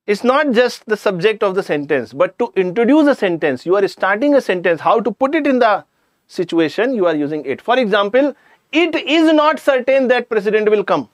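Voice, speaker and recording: High-voiced Indian English man teaching. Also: sing-song, a little fast, no echo, studio quality. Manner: chatty, addresses students directly, slips in jokes. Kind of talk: live online English grammar class.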